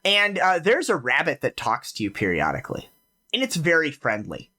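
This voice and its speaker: A man running a tabletop game as game master. He narrates casually with lots of fillers, and his voice has a lively, wide pitch range. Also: normal speed.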